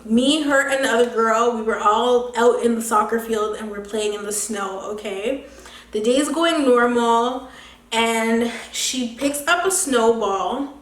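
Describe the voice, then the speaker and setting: A young woman with a fairly high voice tells a casual storytime vlog. She talks in an animated, slangy way, swears freely and laughs often. Her voice bounces around an echoey room. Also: unhurried. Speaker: beauty vlogger.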